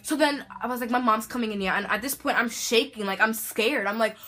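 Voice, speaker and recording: A teenage girl vlogger telling a storytime tale in a dramatic, animated way, full of slang. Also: fairly high pitch, brisk. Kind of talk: storytime vlog.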